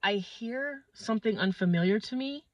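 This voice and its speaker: A woman's voice: on the high side, moderate pace, dry recording, dull audio. A woman from northeastern Pennsylvania telling a crude, exaggerated comic story. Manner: animated, crude, exaggerated delivery. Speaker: comedian.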